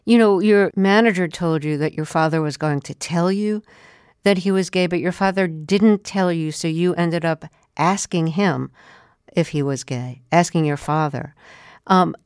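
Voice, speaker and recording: A woman hosting an interview, asking careful, measured questions. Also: on the low side, a little mellow, clean tone, no room sound, clean studio sound. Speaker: radio interviewer.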